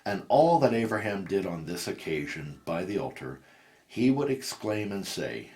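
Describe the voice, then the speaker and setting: A man reads scripture aloud word for word. His voice is very deep, and his reading is steady and deliberate. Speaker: scripture reader.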